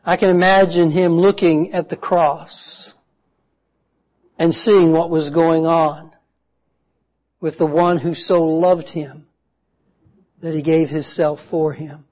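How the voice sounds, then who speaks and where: Slow earnest preacher guy, kinda high voice, telling a bible story, dull lo-fi recording. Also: little pitch movement. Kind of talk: sermon.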